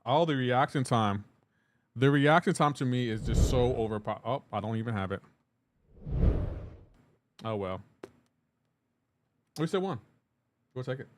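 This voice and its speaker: A man's voice: medium pitch, animated, measured pace, long pauses, a little hiss or hum. A man live streaming a game, talking loosely with his chat and greeting viewers by name. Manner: talks to chat viewers while playing, loose and chatty. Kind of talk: casual live-stream chat reading comments.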